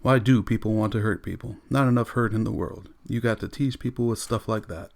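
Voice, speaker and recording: A man's voice: lowish voice, fairly even intonation, a little fast, creaky, darkish tone. A man doing an indignant scolding woman. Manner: accusing, repetitive scolding. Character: Mrs Bowles, indignant grown woman, scolding.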